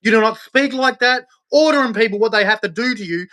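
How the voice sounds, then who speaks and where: A man's voice: extremely high pitch, a little fast, sharp tone. A middle-aged man hosting a reaction video, ranting angrily at clips with heavy swearing. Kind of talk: angry reaction commentary.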